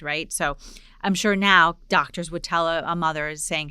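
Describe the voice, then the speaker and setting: A woman in her forties from Poland, hosting a podcast and telling a personal story in a lively way, acting out the dialogue. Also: deep voice, normal speed, clear, resonant tone, no room sound, clean studio sound. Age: 40s. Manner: animated storyteller, acts out dialogue. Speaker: podcast host. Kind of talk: casual interview storytelling.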